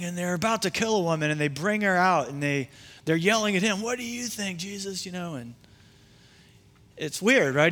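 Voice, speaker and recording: A man's voice: a little high, a bit bright. A man pastor preaching a sermon in a conversational way, with asides and restarts.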